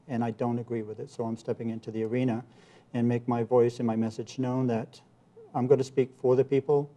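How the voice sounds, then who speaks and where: With a warm, mid-range voice, a man running for Congress responds to an interviewer as a guest. He's earnest and repetitive, circling back to his campaign points and occasionally restarting his sentences.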